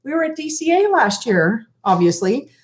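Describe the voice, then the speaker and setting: Higher-voiced woman telling stories on a live stream, animated, acts out the quotes. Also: normal speed, a little hiss or hum. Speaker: co-host. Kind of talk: casual chat.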